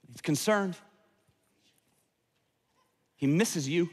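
A man's voice: a little high, lively intonation, drawn-out words, breathy edge, in a large hall. A man preaching a sermon as pastor, earnest and repeating words as he restarts phrases. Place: large church sanctuary.

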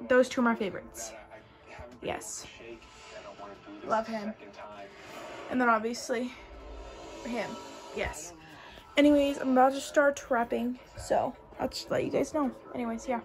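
High-voiced chatty young woman vlogger. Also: unhurried, pauses often, faint music behind, poor audio. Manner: chatty and bubbly, heavy use of "like" and "um". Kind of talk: casual vlog chat.

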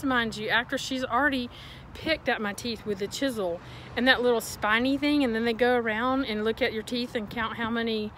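A woman ranting casually to her viewers, animated and exasperated, in a folksy storytelling way. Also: fairly high pitch, slight background noise, rough recording. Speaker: vlogger. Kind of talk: casual rant to camera.

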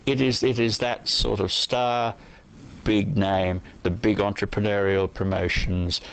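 A man's voice: on the low side, level tone, unhurried, creaky, a little hiss or hum, poor audio. A man answering as a guest in an interview, reflective and opinionated, thinking his points through aloud. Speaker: guest poet.

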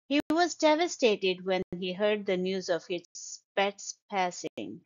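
A woman's voice: medium pitch, expressive, highs cut off. A woman teaching an English vocabulary lesson, carefully sounding out words syllable by syllable. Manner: slow, deliberate, stresses syllables.

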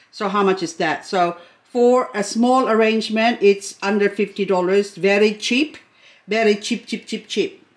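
A middle-aged woman chatting casually as she unboxes plants, gushing and excitable, talking to each plant as she goes. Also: medium pitch. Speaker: succulent vlogger.

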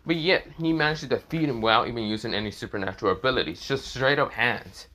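A man's voice: medium pitch, quick pace, sharp tone. Man rambling through a story. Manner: rambling, full of fillers. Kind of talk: casual fan-fiction narration.

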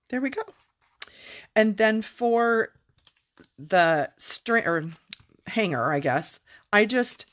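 A middle-aged woman chatting casually as she demonstrates a papercraft project, self-deprecating and quick to laugh. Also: deep voice, fairly bright tone. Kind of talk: casual craft tutorial.

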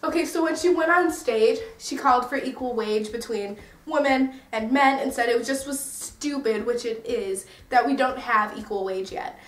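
A woman's voice: on the high side, moderate pace, few pauses, far from the mic. A young American woman vlogging in a casual, rambling and self-mocking way. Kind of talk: casual chatty review. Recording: echoey room, a bit off-mic.

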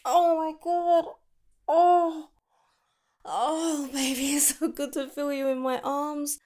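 A woman voicing an eager young girlfriend in an ASMR girlfriend role-play, breathy and emotional, repeating her words. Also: sits high, steady tone, slow, exaggerated voice. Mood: tender. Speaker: ASMR creator.

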